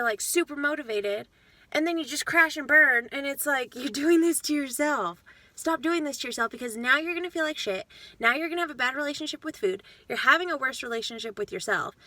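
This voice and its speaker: A frank woman vlogger speaks straight to her viewers, swearing freely as she lectures them. Her voice is bright and a touch high, and the sound is dry and close with no room echo. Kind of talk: casual talk to camera.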